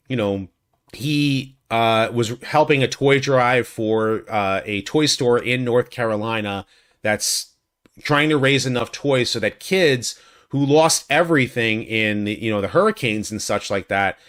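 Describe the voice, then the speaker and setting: In an unhurried, somewhat bright voice, a man rambles through a video recap of a fan convention for his YouTube channel. Using a USB studio condenser mic, he keeps restarting, says "like" often, and voices quotes much higher.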